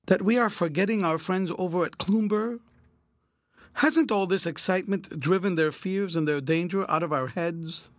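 A man reading aloud voices a gentle, nervous young woman with a soft, low, sweet voice, speaking in a hushed, fearful way. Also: moderate pace, no echo, studio quality, lightly acted. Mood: worried.

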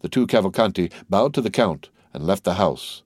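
A man reading a classic novel aloud as an audiobook narrator, in a measured, deliberate way. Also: sits low, lively intonation, dry recording, studio quality. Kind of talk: scripted narration.

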